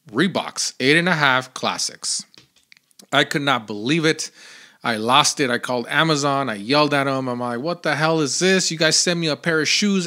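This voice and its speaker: A man hosting his own podcast, telling a story in a chatty, animated way with lots of fillers. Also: mid-range voice. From Phoenix, Arizona area. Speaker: podcast host. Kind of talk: casual solo podcast storytelling.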